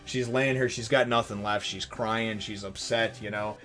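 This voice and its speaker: A man's voice: fairly low pitch, moderate pace. Rambling, swearing man reviewing manga. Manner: rambling, swears, many fillers; grows loud and excited when retelling action.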